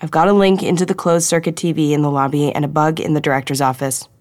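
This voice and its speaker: A woman's voice: low voice, fairly even intonation, a little mellow, dry recording, natural voice. A woman voicing a brash, eager young female field agent with a wisecracking manner. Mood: conspiratorial. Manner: quick, wisecracking, conspiratorial.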